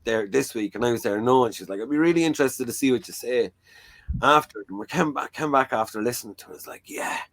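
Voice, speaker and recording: A man's voice: mid-range voice, fast, a bit bright. A man hosting a talk show, chatting frankly and rambling with lots of "like" and "you know". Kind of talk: casual chat.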